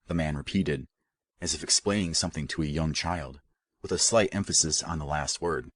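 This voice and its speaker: Male audiobook narrator, very low and husky, steady delivery. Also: normal speed, dry recording, studio quality. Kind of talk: scripted narration.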